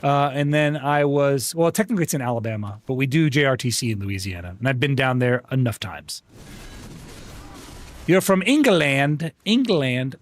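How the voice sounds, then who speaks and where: A man's voice: mid-range voice, brisk, hardly any pauses, a little hiss or hum. A man chatting casually on a live gaming stream, upbeat and talkative, stumbling over and repeating words and calling people bro and dude. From United States.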